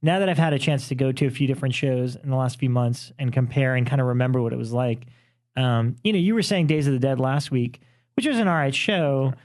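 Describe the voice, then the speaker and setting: A man's voice: mid-range voice, brisk, a little mellow. Chatty man, enthusiastic podcast co-host. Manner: chatty, enthusiastic, with frequent "uh" and "you know". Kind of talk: casual chat.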